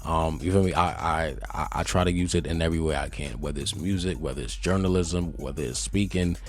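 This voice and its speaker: A man hosting his own podcast, talking in a laid-back, conversational way with a deep voice and frequent asides to his listeners. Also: a little fast. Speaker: podcast host. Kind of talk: casual solo podcast monologue.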